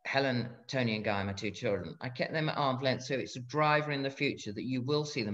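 A middle-aged man speaking as an interview guest, blunt and frank, often halting and restarting his sentences. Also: mid-range voice, a bit bright. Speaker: guest, former fighter pilot. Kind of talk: candid interview conversation. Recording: dull lo-fi sound.

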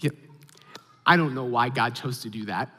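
A man in his thirties preaching a sermon as a pastor, telling a story with animated, acted-out reactions. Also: mid-range voice, normal speed. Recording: long hall reverb.

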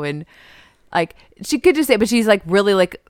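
A woman co-hosting a podcast, casually recapping a show and acting out characters' lines in quick quotes. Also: medium pitch, big pitch swings, no room sound, clean studio sound. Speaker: podcast co-host.

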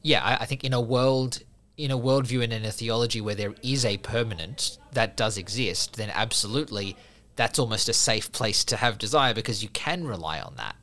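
A man's voice: mid-range voice, brisk, sharp tone. A man in casual conversation explaining a Buddhist idea and telling a story, with many fillers and repeated restarts. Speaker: podcast guest speaking from a Buddhist view.

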